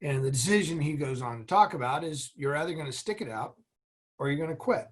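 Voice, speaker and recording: A man's voice: fairly high pitch, expressive, brisk, husky. Earnest middle-aged man telling motivational stories. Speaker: guest, former military officer and executive. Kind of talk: interview conversation.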